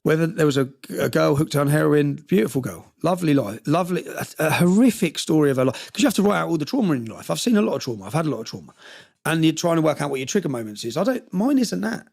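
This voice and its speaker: Man, interview guest, gravelly and rapid, emotional rambling storyteller. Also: a little high, big pitch swings, a little mellow. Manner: passionate, rambling with restarts.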